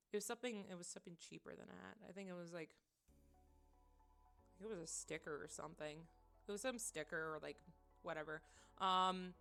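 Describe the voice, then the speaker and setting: Young woman, streamer, casual storytelling, bright tone, rambling with fillers, faint music behind. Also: medium pitch, creaky. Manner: animated, rambling, many fillers and restarts.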